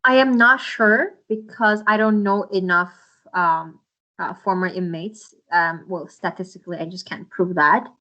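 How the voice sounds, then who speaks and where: A woman's voice: on the low side, steady tone, a little slow, bright, forceful tone. Impassioned woman guest, muffled audio. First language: Uyghur. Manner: impassioned, with many restarts and fillers. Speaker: interview guest. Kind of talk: earnest interview answers.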